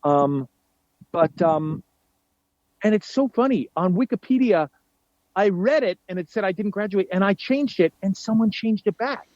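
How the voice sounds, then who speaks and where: This guest is a man in his forties from New York with a voice that sits high, captured lo-fi without any echo. Chatting casually, he tells animated stories punctuated by frequent fillers and false starts.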